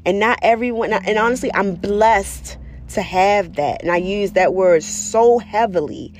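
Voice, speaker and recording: A woman speaking candidly about her spiritual practice in a casual personal monologue, profane and animated as she tells stories. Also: medium pitch, a little slow. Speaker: spiritual vlogger.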